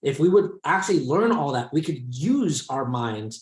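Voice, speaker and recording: A man's voice: medium pitch, sing-song, normal speed. A man hosts a casual podcast discussion with a mid-range voice. He muses at length and circles back over his own phrases. His voice rings in a roomy, echoey space. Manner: rambling, reflective, many restarts. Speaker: podcast host. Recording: echoey room.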